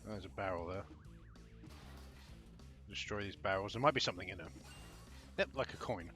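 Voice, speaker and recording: A man's voice: low-pitched, normal speed, pushed and bright, faint music behind. A young man hosting his own gaming channel, chatting casually over a first playthrough, rambling and trailing off as he plays. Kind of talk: casual game commentary.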